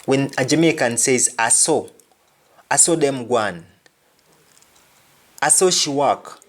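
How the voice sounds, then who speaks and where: Slow, deliberate male language teacher. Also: mid-range voice. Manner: slow and deliberate, repeating each example. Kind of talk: spoken language lesson.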